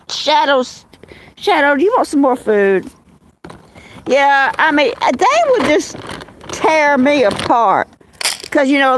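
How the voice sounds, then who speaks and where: A woman's voice: fairly high pitch, poor audio. Chatty woman streaming from home. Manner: chatty, talks to viewers by name, storytelling. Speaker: livestream host. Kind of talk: casual livestream chat. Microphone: phone.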